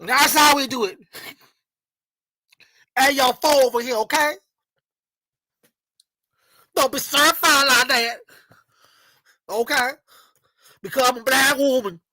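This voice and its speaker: A woman's voice: high voice, takes it slowly, pauses often, dry recording, poor audio. A woman in a heated, sarcastic rant on a live stream, tagging almost every line with "okay?". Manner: loud and sarcastic, repeating "okay?" often.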